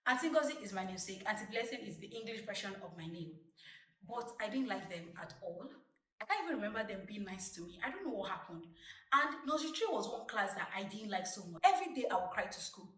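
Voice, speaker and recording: A woman's voice: mid-range voice, fast talker. Nigerian girl in her 20s vlogging, chatty storytelling, kinda far from the mic in an echoey room. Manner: chatty, lively retelling with acted-out quotes. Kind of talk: casual storytelling to camera. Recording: roomy, distant mic.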